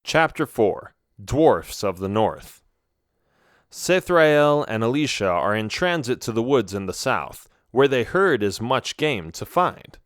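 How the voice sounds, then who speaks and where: A man's voice: mid-range voice, big pitch swings, slow pace, no echo, clean studio sound. A man narrating a fantasy adventure audiobook in a dramatic, emphatic way. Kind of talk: scripted storybook narration.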